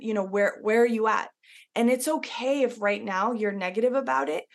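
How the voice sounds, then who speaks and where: A woman hosting a podcast who speaks in an earnest, encouraging way and draws on her own experience. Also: mid-range voice. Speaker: podcast host. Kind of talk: casual podcast talk.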